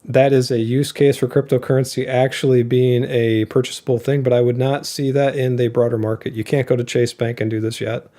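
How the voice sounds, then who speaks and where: Male co-host, warm low-key tone, loose rambling delivery. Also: level tone, fairly quick, hardly any pauses. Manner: rambling explanations with fillers and laughs. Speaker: co-host of an investing show. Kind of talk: casual podcast chat.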